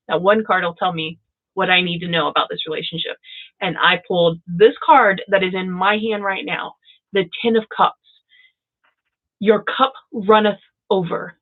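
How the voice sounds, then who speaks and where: A woman reading tarot cards for viewers on a live stream, excitable and gushing, calling people by name. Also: mid-range voice, phone-quality sound. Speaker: tarot reader.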